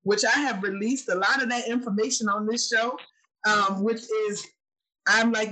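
A woman hosting a casual chat, affirming her guests with quick interjections. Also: a little high, bright, forceful tone, poor audio. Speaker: host.

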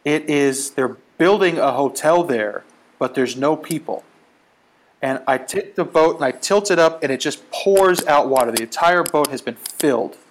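A man casually telling a travel story as a podcast guest, animated, acting out the voices in it. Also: fairly high pitch, normal speed, a little hiss or hum.

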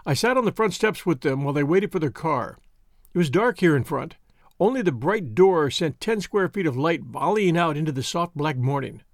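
Expressive male audiobook narrator. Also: a little high, normal speed, dry recording, studio quality. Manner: expressive, voices each character.

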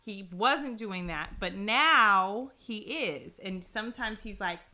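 A woman's voice: medium pitch, expressive, takes it slowly, sharp tone. A young woman, co-host with her husband, talking in a teasing, appreciative way in casual chat. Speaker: co-host, wife.

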